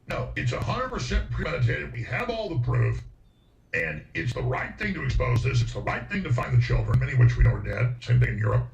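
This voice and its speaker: A man's voice: mid-range voice, sing-song, fairly quick, creaky. A man hosting a talk show, talking with heated emphasis and repeating words when worked up. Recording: roomy, distant, dull sound with faint music.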